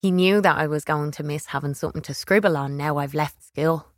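A woman reads a first-person children's story aloud, wry and expressive. Her voice sits on the low side. The studio recording is dry and close to the mic. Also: a little fast, no echo. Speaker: audiobook reader.

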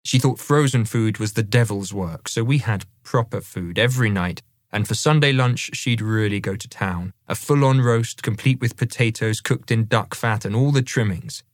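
A man narrating a memoir audiobook in a measured, conversational first-person reading. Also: on the low side, dry recording, studio quality.

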